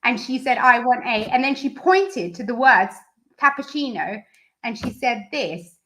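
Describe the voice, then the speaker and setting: Earnest woman therapist explaining clearly. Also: on the high side, animated, measured pace, a bit bright. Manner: earnest, explains step by step with examples. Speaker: speech and language therapist. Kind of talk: interview answers.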